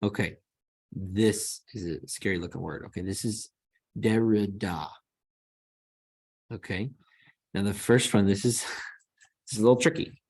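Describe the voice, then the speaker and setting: Man, teacher, slow, lowish voice, repeats words to model them, dry close recording. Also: a little mellow, husky, dry recording. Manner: slow, repeats each word to model pronunciation. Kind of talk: screen-recorded lesson.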